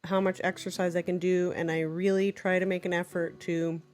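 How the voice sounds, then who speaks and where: A woman teacher giving an unscripted walkthrough of her classroom games. She talks in a chatty, playful way, drops in quick French examples, and teases herself in small asides. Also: fairly low pitch. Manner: jumps into lively French examples while explaining.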